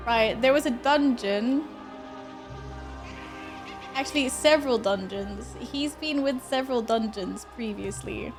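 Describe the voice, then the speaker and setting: High-pitched woman streamer, chatty and expressive, faint game music under her. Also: unhurried, pauses often. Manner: chatty, reacts to chat and thanks tippers; expressive, often laughing. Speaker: livestreamer. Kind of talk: casual live-stream chat with viewers.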